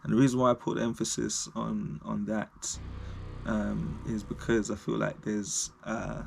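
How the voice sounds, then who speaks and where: A man's voice: fairly low pitch, creaky. A man vlogging to camera, talking unscripted in a reflective, rambling way and laughing at himself.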